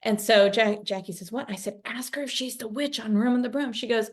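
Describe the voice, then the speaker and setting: A woman co-hosting a casual chat, telling a story in an animated way and acting out the voices of people she quotes. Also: on the high side, a little fast. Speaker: co-host. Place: home, on a video call.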